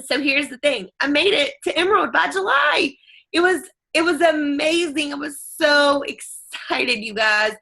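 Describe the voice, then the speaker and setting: A woman in her thirties gives an energetic, earnest motivational talk. Her voice is bright and forceful and sits a little high. She speaks straight to the audience, with a strong note of faith. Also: measured pace, vocal fry. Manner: energetic, earnest, faith-filled, addresses listeners directly. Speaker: network marketing team leader.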